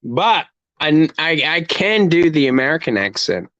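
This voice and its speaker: High, lively man swearing through banter. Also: a little slow, dry recording, muffled recording. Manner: laughing, teasing, profane. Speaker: show guest. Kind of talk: casual stream banter.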